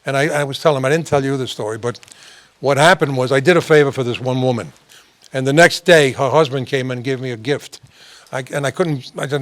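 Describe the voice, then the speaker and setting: A man's voice: mid-range voice, a little fast. A man hosting a talk show, telling rambling anecdotes with frequent restarts and laughing through his stories. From New York. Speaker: host.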